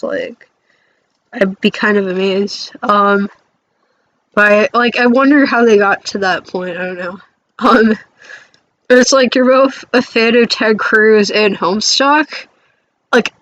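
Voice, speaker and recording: A woman's voice: medium pitch, fairly bright tone, poor audio. A woman streamer chatting casually about a game, hesitant and full of fillers, often giggling.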